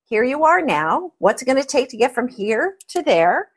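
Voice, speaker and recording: A woman's voice: high-pitched, very animated, moderate pace, husky. A middle-aged woman answering interview questions about accounting advice, emphatic and telling stories with animation. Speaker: accounting advisory expert guest.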